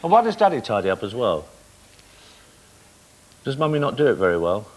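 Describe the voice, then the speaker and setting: A man's voice: medium pitch, wildly swooping pitch, a little fast. A man hosting a comic interview with a child on television, teasing and playful. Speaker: host. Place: TV studio with audience. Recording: loud studio audience and noise.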